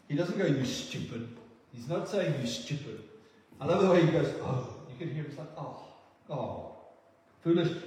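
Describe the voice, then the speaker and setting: A man preaching a sermon in an earnest, halting way, often repeating words as he goes. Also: on the high side, a little mellow, a little hiss or hum. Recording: echoey hall, far from the mic.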